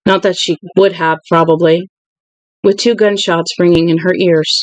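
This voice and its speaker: An audiobook reader narrating a novel in an even, unhurried way, with a middle pitch. The recording is dry and close, with no room sound. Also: no room sound, low-quality recording. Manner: even, unhurried reading with occasional restarts. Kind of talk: reading a novel aloud.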